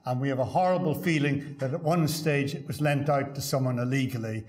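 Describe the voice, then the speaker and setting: An older man, a professor, giving a keynote lecture with anecdotes and dry humour, often pausing on "uh" and repeating words. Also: mid-range voice, darkish tone. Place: lecture hall at a congress.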